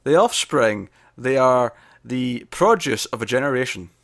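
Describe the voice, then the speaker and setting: A man's voice: medium pitch, lively intonation, a little slow, creaky, dry recording, clean studio sound. A young man, co-hosting a casual TV review chat, joking and blunt. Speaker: podcast co-host.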